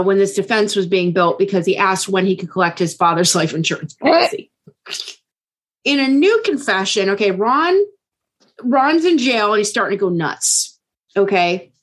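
Casual woman telling a true crime story. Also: mid-range voice. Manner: casual, keeps checking in with okay. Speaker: podcast co-host.

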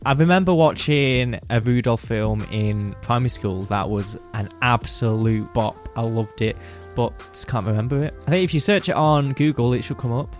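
A young man hosting a casual quiz chat, teasing and quick to laugh. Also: mid-range voice, faint music behind. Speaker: podcast co-host, quizmaster.

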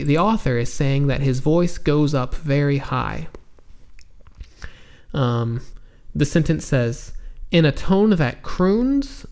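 Slow, gravelly-voiced male English teacher. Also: on the high side, darkish tone. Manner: patient, spells out words, frequent ums and restarts. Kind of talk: slow explanatory vocabulary lesson.

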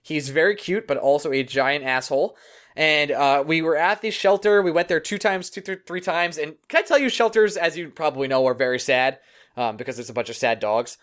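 A man's voice: fairly high pitch, fairly quick, a bit bright. A young man in his twenties hosting a casual podcast, joking and laughing often as he tells stories. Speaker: podcast host. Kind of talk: casual chat.

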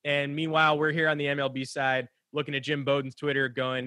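Sports podcast co-host, male, slightly high pitch, loose jokey delivery. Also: fast, few pauses, bright, forceful tone, no room sound. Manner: rambling, jokey, many restarts and fillers. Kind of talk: casual sports chat.

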